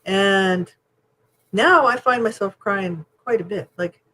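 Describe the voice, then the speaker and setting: A woman co-hosting a chatty podcast, talking in a frank, animated way and swearing without a second thought. Her voice has a husky, slightly breathy edge. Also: medium pitch, slow, poor audio. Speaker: podcast co-host. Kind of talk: casual chat.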